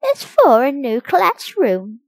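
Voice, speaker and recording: A woman reading aloud who voices a calm, gently firm female schoolteacher in a patient, reassuring manner. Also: high-pitched, slow pace, no echo, pitched above the performer's own voice, full character voice.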